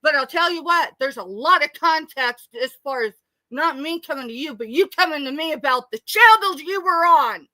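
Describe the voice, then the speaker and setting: A woman's voice: high-pitched, lively intonation, moderate pace, bright, forceful tone, no room sound. A middle-aged woman, ranting angrily and tearfully on a late-night live stream. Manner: angry, tearful, confrontational.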